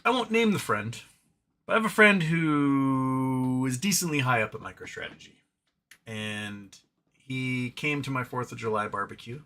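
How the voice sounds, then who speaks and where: Bright-voiced chatty male stream host. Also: mid-range voice, measured pace. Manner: rambling, chatty, talks to his cat. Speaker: livestream host reading chat. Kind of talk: casual live chat.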